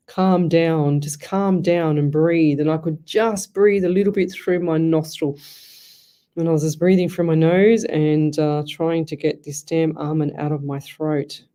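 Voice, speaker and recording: This Australian psychic medium hosts a live radio show, and her voice is deep and dark, holding a steady tone at normal speed. Her casual chat is effusive and chatty, wandering through stories as she goes.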